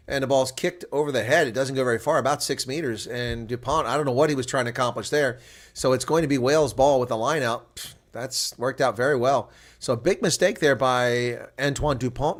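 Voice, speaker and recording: This rugby commentator, a man with a medium-pitched voice, reacts live as he calls the match. Calm analysis gives way to loud excitement on the big moments.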